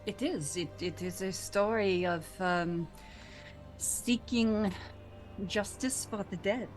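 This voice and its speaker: A woman speaks in character at a tabletop game, earnest with a playful edge. Her voice sits in a middle pitch range, and she keeps her delivery plain and natural. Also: slow pace, soft background music. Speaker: player.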